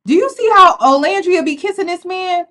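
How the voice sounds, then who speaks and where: Speaking fairly quickly in a very high voice, this woman chats her way through a reality show, slangy and animated. She addresses her viewers directly as y'all.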